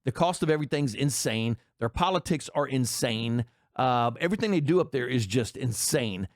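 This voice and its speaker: A man's voice: medium pitch, expressive, moderate pace, dry recording, clean studio sound. An American man ranting angrily in profane commentary, rambling through a story and a political complaint. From United States. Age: adult.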